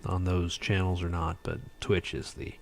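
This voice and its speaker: A man's voice: low-pitched, monotone, normal speed, gravelly, slight background noise. A tired man hosting a casual livestream chat, rambling with lots of fillers. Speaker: livestream host.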